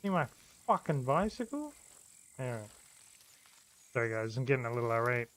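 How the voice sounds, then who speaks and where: A man's voice: mid-range voice, steady tone, quick pace, a bit bright. A man streaming a survival game, swearing freely and talking himself through the play. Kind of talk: live gameplay commentary. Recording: faint background noise.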